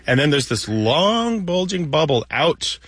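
A man's voice: a little high, very animated, a little slow, a bit bright, slightly rough, no room sound. A man co-hosting a radio show about language, explaining word lore in a patient, step-by-step way from a studio microphone. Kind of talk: casual explanatory radio chat.

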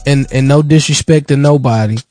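A man's voice: mid-range voice, a little fast, dark tone, soft background music. A man hosting a radio talk show, blunt and heartfelt, talking plainly about faith. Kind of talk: casual radio talk and prayer.

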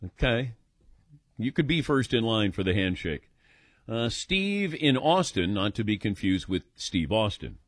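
A man's voice: lowish voice, unhurried, no echo. Older man hosting call-in radio. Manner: animated, self-deprecating storyteller. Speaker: radio show host.

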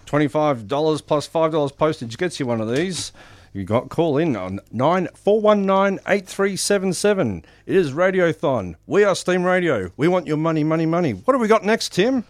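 A man's voice: fairly high pitch, big pitch swings, moderate pace, no echo. A man hosting a community radio fundraiser, chatty and jokey, reeling off lists on air. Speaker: radio host. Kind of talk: casual on-air fundraising chat.

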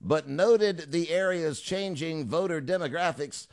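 A man's voice: a little high, unhurried, darkish tone. A middle-aged man hosting a talk radio show, delivering a chatty monologue with joking asides.

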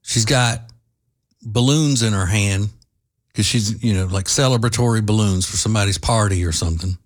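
A low-pitched man hosts a solo commentary show and lays out his opinions at length. He talks in halting runs full of fillers and restarts, and slips in dry sarcasm now and then. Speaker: host.

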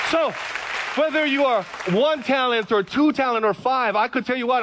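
A man's voice: extremely high pitch, moderate pace, over a noisy crowd, very noisy. A middle-aged man from Hawaii, a pastor preaching a sermon, telling stories from his own life and acting out his past prayers.

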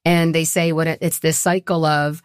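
A woman's voice: low-pitched, little pitch movement, moderate pace, clean tone, dry recording, clean studio sound. A middle-aged woman, a guest on a talk show, telling her own story in an earnest, personal and sometimes emotional way. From Southwest Florida. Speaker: guest, nonprofit co-founder. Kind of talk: casual interview conversation.

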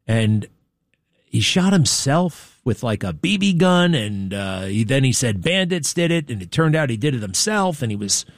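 A man's voice: on the high side, no echo. A man hosting a talk show, rambling through a wry, digressive monologue and turning now and then to his studio crew. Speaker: talk radio host. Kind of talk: rambling monologue, casual chat.

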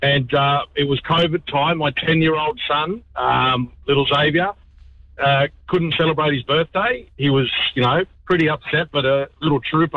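Emotional Australian man on a muffled line. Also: on the high side. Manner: grateful, emotional, calls host mate. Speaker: caller. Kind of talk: call-in radio chat.

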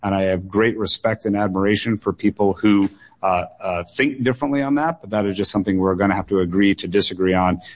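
A man's voice: on the low side, fast talker. A man running for office, answering radio call-in questions earnestly and often repeating words for emphasis. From United States. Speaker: political candidate, guest.

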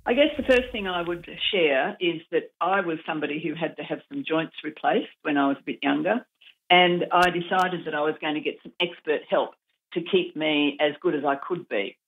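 A woman's voice: low voice, normal speed, slight background noise. A woman, founder of an advocacy group, speaking in an earnest, encouraging way and giving direct advice in a radio interview. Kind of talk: radio interview over the phone. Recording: tinny phone line.

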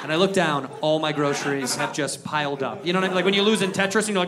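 A man telling a story in a stand-up set, animated, with loud punchlines. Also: a little high, fast talker, hardly any pauses. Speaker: stand-up comedian. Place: comedy club with live audience. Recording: crowd laughter and noise.

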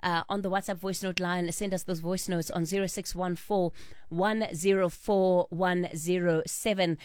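A woman hosting a radio talk show, speaking in a measured, slightly halting way. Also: fairly low pitch, fairly even intonation, darkish tone, clear, resonant tone, no echo, clean studio sound. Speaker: radio host. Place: radio studio.

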